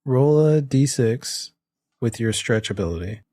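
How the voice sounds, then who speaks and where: A man narrating as game master of a tabletop role-playing game, relaxed and chuckling as he describes the scene. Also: mid-range voice, a little slow, slight background noise.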